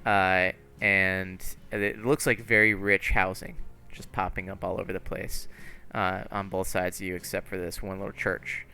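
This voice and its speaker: Man, game master, laid-back rambling narration, bright voice, faint music. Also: sits low, little pitch movement, normal speed, vocal fry, smooth.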